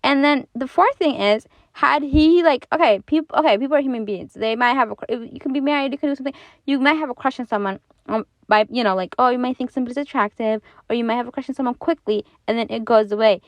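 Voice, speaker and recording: A woman giving casual commentary on an online story, animated and exasperated, with lots of fillers and restarts. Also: fairly high pitch, brisk, dry recording, muffled recording.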